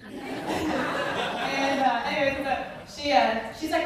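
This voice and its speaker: High, giggly woman telling a story in an echoey hall. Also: a little slow, long pauses. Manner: chatty, giggly, many fillers. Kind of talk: live personal storytelling. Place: stage at a live storytelling event. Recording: echoey hall, distant mic, background noise.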